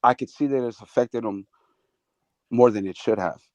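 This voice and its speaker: A man's voice: mid-range voice, normal speed, darkish tone, dry recording, dull audio. A man on a live call-in, bluntly lecturing a rival in a heated argument. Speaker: caller.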